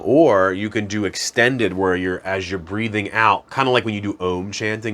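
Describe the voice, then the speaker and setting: A man's voice: fairly low pitch, normal speed, few pauses. A man hosting a self-improvement channel, explaining practices in a casual, conversational way and chuckling at himself now and then. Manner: conversational, chuckles at himself, chants hum softly. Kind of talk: casual instructional talk.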